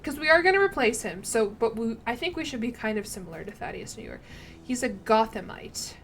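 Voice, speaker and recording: A woman's voice: fairly high pitch, a bit bright. Chatty woman streaming a strategy game. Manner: chatty, rambling, self-deprecating, reads out chat. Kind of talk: casual gameplay stream chat.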